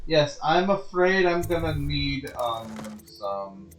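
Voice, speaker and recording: Slow-talking joking male streamer. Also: fairly high pitch, very animated. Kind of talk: casual gameplay commentary. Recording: echoey room with game music.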